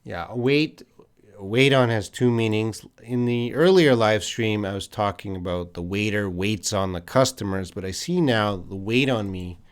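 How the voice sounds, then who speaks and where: A Canadian-accented man teaching English on a live stream, reading viewers' questions and answering off the cuff. His voice sits fairly low, and he talks in loose, conversational bursts, with fillers and restarts as he works through each answer. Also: measured pace, smooth. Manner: thinking aloud, many fillers and restarts, conversational.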